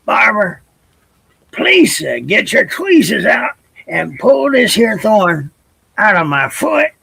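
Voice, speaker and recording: A man's voice: high voice, very animated, takes it slowly, gravelly, pushed and bright, husky, no echo, voice pushed up, heavily acted. An older man voicing a small male tailor bird who begs for help in a sing-song, pleading way.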